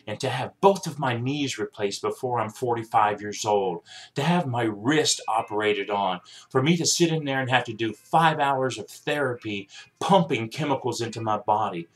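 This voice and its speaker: A man in his forties speaks straight to the camera from his home in a personal video message. He is earnest and heartfelt and urges the people he loves to take care of themselves. His voice sits at an ordinary middle pitch. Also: animated, normal speed, a bit bright. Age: 40s. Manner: earnest, heartfelt, pleading with loved ones. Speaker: vlogger sharing a diet journey.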